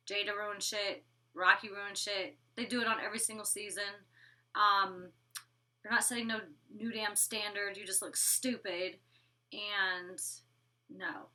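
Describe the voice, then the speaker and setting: A woman's voice: medium pitch, pushed and bright, recorded from a distance. A woman in her twenties casually recapping a reality show episode, blunt and sassy, swearing freely. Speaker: former reality show cast member reviewing episodes.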